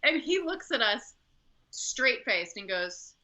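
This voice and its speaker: A woman's voice: fairly high pitch, sing-song, slow pace, sharp tone. A woman opera singer and company director telling stories in a conversational interview, chatty, with many fillers and restarts. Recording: muffled lo-fi audio.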